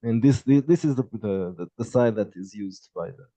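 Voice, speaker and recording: Male game master, halting delivery, mellow voice, dry dull audio. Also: on the low side, no echo. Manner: halting, many restarts. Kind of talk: narrating a tabletop game.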